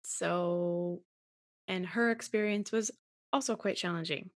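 A woman's voice: on the low side, a little slow, dry recording. Woman podcast host, close and dry. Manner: brief supportive interjections. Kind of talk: casual chat.

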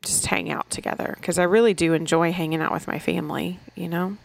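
A woman's voice: fairly low pitch, steady tone, a little fast, gravelly. A middle-aged woman co-hosting a podcast, chatting casually with frequent restarts and easy laughter. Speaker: podcast co-host. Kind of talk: casual chat.

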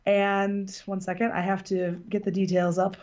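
A woman's voice: medium pitch, flat delivery, moderate pace, a little mellow. Woman podcast host, loose rambling storyteller who laughs easily, lo-fi sound. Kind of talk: casual chat.

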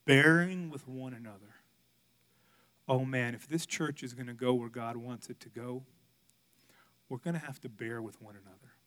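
A male pastor preaching a sermon, telling a candid personal story, swinging from loud outbursts to hushed, quiet passages. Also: medium pitch, moderate pace, pauses often.

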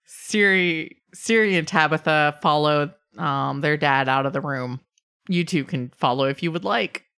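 Low-voiced woman running a tabletop game. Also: measured pace, fairly bright tone, clear, resonant tone. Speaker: game master.

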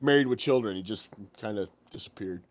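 A man's voice: lowish voice, brisk, no echo. A man co-hosting a podcast, blunt and profane, cracking jokes about a TV show. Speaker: podcast co-host. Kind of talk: casual chat, crude TV recap. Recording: dull lo-fi sound.

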